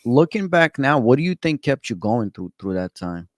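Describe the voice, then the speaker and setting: A man's voice: medium pitch, sing-song, normal speed, dry recording, clean studio sound. A man hosting an interview who asks questions earnestly and encouragingly, often restarting as he speaks. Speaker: host.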